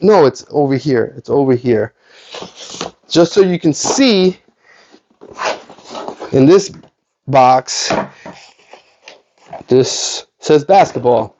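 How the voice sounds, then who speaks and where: A man hosting a card collecting vlog, telling a rambling story with many self-corrections and lively quotes of other people. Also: a little high, dull audio, slight background noise. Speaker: card collecting channel host.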